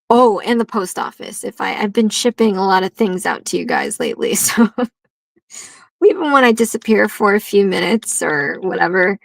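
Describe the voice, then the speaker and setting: A woman's voice: mid-range voice, creaky, no echo, poor audio. A woman hosting a nail art livestream, chatting casually in a rambling way and laughing often.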